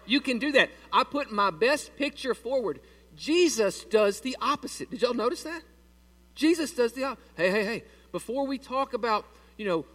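A man's voice: sits high, fairly bright tone, recorded from a distance. A man preaching a sermon in a church, folksy and joking with his congregation. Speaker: pastor. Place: church sanctuary.

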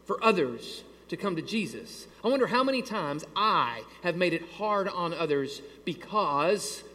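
A man preaching to his church, telling a story in an animated, exasperated way. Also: high voice, unhurried. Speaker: pastor. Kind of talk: sermon with a storytelling aside. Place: church sanctuary. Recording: long hall reverb.

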